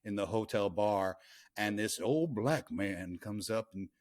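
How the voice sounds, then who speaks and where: A man hosting a casual podcast chat, animated and laughing often, often trailing off and restarting. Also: fairly low pitch, a little slow. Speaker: podcast host and songwriter.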